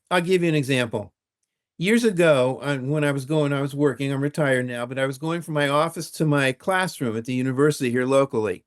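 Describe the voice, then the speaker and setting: An older man, a retired university teacher, explaining ideas methodically as an interview guest and spelling out key terms. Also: fairly high pitch.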